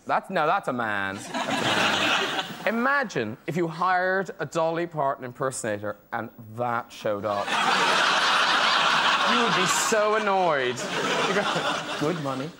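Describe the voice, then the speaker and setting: A man's voice: a little high, sing-song, measured pace, heavy background noise. A man with an Irish accent hosting a TV talk show, cheeky and teasing, laughing through his chat. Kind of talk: comic studio chat. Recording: TV studio with live audience.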